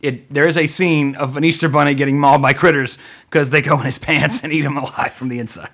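A man's voice: a little high, fairly even intonation, a bit bright. A man co-hosting a casual podcast, reading listener emails aloud, tripping over words and joking about himself. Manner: fast-talking, trips over words, self-deprecating.

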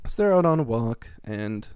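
A man's voice: medium pitch, animated, moderate pace, darkish tone, smooth, no room sound. A man co-hosting a podcast, rambling through a casual plot recap and chuckling as he goes. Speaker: podcast co-host recapping a game. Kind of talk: casual chat.

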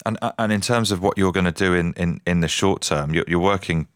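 Deep dry-voiced radio presenter. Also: male voice, a little fast, no echo. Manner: gentle, stammers on restarts. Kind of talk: breakfast radio interview.

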